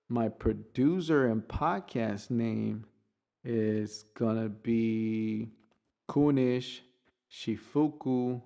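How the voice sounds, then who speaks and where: A man's voice: medium pitch, creaky, a little mellow. A man, a native Spanish speaker, hosting his podcast in a rambling casual monologue, full of restarts and swearing freely. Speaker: podcast host.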